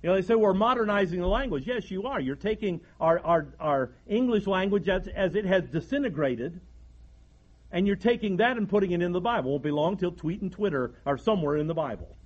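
A man's voice: high voice, animated, a little fast, a little mellow, slightly rough, dull audio. A man, preaching a folksy sermon from the pulpit and often restarting his sentences. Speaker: pastor.

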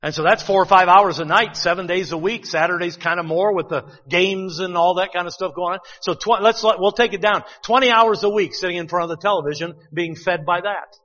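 A man's voice: high voice, a little fast, few pauses, a bit bright, big-room sound, dull audio. A man preaching a sermon, talking conversationally and asking rhetorical questions.

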